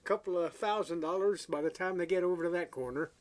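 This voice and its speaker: A man's voice: high-pitched, fast talker, pitched above the performer's own voice, close to an everyday voice. Man doing a gushing pushy pawn shop salesman. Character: eager fawning male pawn shop salesman.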